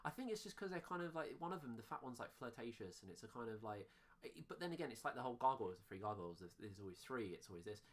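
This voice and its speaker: A man co-hosting a casual film review podcast, chatty and quick to share opinions. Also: mid-range voice, sing-song. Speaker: podcast co-host.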